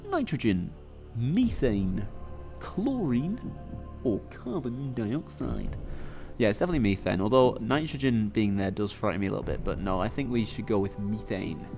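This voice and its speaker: A man hosts a live-streamed quiz and plays along, giving chatty, rambling commentary full of fillers. His voice is on the low side with lively intonation and normal speed, and music plays in the background.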